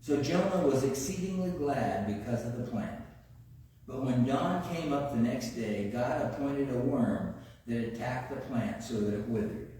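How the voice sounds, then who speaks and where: A man's voice: medium pitch, expressive, measured pace, mellow, slight background noise. A man preaching a sermon in a conversational way, often asking his congregation rhetorical questions. He is recorded in a church sanctuary from a distance. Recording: echoey church hall, far-off mic.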